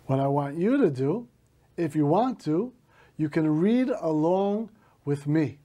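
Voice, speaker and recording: A male teacher slowly reading a story aloud to a class, stopping to gloss words in Hebrew. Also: fairly high pitch, expressive, dark tone.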